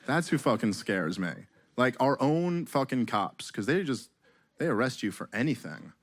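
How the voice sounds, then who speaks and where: A man on a club stage with a handheld mic, working through a stand-up set. His voice sits at a middle pitch and moves between dry sarcasm and loud, exaggerated disbelief. He swears freely and slips into mocking voices. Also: moderate pace. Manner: sarcastic, profane, animated storytelling with mock voices. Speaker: stand-up comedian.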